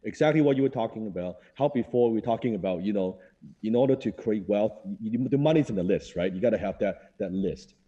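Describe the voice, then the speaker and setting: A man's voice: fairly low pitch, fast talker, highs cut off. A man speaking as a guest in an interview, blunt and emphatic, driving his points home by repeating them. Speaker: guest entrepreneur. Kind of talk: conversational interview.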